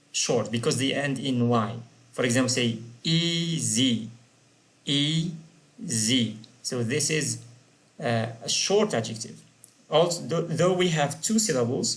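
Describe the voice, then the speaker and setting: A man's voice: mid-range voice, a bit bright. Man teaching grammar, spelling out endings. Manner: asks questions of the learners and answers them himself; spells out word endings letter by letter. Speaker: English teacher. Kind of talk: grammar lesson.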